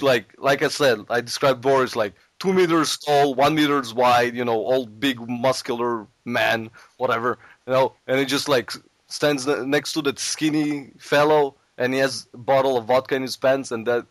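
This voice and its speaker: A man's voice: mid-range voice, no echo. A man hosting a casual comedy podcast, laughing often and stumbling over restarts as he riffs and puts on silly voices. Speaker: podcast host.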